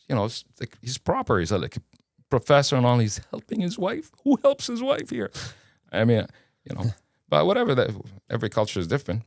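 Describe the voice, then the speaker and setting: Lively storytelling man. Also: on the low side, no echo, studio quality. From Kuwait. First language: Arabic. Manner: animated, casual storyteller who acts out dialogue. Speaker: guest. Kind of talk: personal storytelling in an interview.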